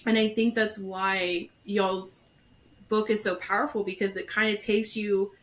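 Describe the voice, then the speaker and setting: A woman's voice: medium pitch, little pitch movement, measured pace. Woman podcast host, candid and conversational, telling her own story. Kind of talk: casual podcast chat.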